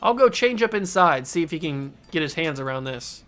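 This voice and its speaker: Excitable man calling his own game. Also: a little high, fairly quick, faint music behind. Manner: excitable play-by-play, talks to himself and the game. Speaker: gaming channel host. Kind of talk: let's play commentary.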